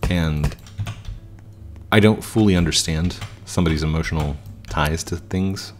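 Over faint background music, a man in his thirties with a low voice speaks a little slowly as he plays a game for his YouTube channel. He's casual and reflective, often starting sentences over and filling pauses.

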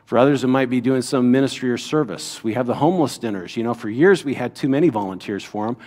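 A man's voice: mid-range voice, fast talker, a little mellow. A middle-aged man, a pastor, teaching a Bible lesson to his congregation in a conversational way, with rhetorical questions and frequent "right?" asides.

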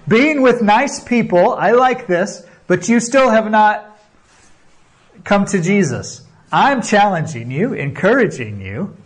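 Earnest, high-voiced male preacher. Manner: earnest, exhorting, with repeated "okay?" and "right?" checks; builds emphasis by repeating phrases. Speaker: pastor. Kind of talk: sermon.

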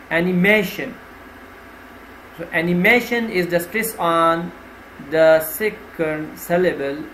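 A man gives a vocabulary lesson, reading out each word and its meaning in a slow, deliberate way. His voice sits high, and he dwells on each word's stressed syllable. The recording sounds roomy, with faint ambient noise behind him. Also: fairly bright tone. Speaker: English teacher. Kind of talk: vocabulary lesson, reading words and example sentences.

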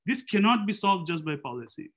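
A man's voice: high voice, very animated, fairly quick. A man speaking as a panelist in an academic seminar, thinking aloud in a discursive way and posing rhetorical questions.

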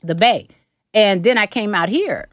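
Speaking a little slowly in a medium-pitched voice, this Bay Area woman from Oakland and Berkeley carries a Southern Atlanta twang. As a prophetess guest in a casual interview, she is emphatic and preacherly and repeats her phrases. The studio recording is clean, with no echo.

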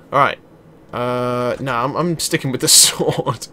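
Excitable, unhurried man narrating gameplay. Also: mid-range voice, slight background noise. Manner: chatty, excitable, laughing, exclaiming at enemies. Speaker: gaming YouTuber. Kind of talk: casual let's play commentary.

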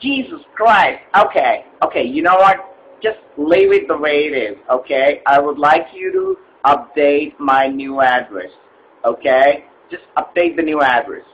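A man's voice: fairly high pitch, big pitch swings, unhurried, a bit bright, highs cut off, a little hiss or hum. A man voicing an impatient, rude male customer in a comedy sketch, exasperated and blunt, spelling letters out insistently.

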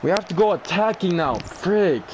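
A young man giving live commentary over his own gameplay, excitable, shouting and swearing at the game. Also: sits high, normal speed, a crowd in the background. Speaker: gamer.

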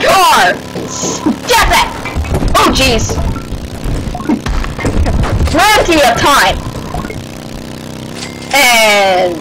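Woman let's-player: excitable, unhurried between shrieks, with game music behind. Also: high-pitched, rough recording. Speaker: gameplay commentator. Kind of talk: let's play commentary.

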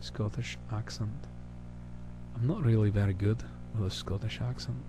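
A man from the United States chatting casually with hesitant pauses as the host of his own channel. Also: lowish voice, background noise. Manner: rambling, hesitant, full of pauses. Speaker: channel host answering questions. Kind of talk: casual recorded chat.

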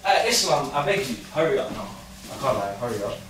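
A man's voice: mid-range voice, very animated, fairly quick, fairly bright tone. A young man, heated and swearing in a staged prank argument, recorded indoors far from the mic. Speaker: prank vlogger. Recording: roomy, far from the mic, noisy.

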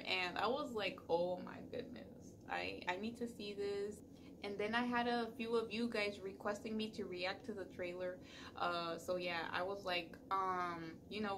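A young woman hosting her own reaction vlog, chatting casually and breaking into loud, gushing exclamations. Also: mid-range voice, background noise. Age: young adult. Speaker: reaction video host. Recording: music playing behind her.

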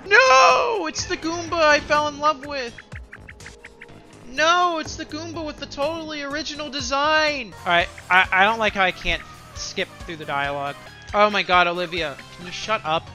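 A man calling out a game in loud, excitable let's-play style, gasping and cracking crude sarcastic jokes. His voice leaps around, bright and punchy, with faint game music underneath. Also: very high-pitched, moderate pace. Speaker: gaming streamer.

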